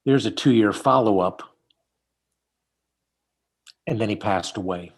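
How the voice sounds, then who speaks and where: Low-voiced dentist teaching over a call. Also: male voice, takes it slowly, breathy edge. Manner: storytelling, animated when quoting people. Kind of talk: casual teaching chat over slides. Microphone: video call.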